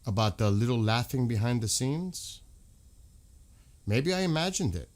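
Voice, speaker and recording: A man's voice: medium pitch, lively intonation, unhurried, long pauses. An American man hosting a livestream, talking in a heated, repetitive way and swearing often. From United States. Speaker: livestream host. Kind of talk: casual livestream talk.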